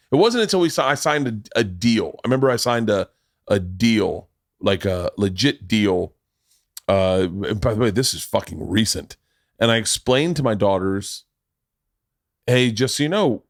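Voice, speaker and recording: A man in his forties hosting a podcast, telling family stories in casual chat, swearing freely and animated. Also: on the low side, dry recording, studio quality. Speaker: podcast host. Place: podcast studio.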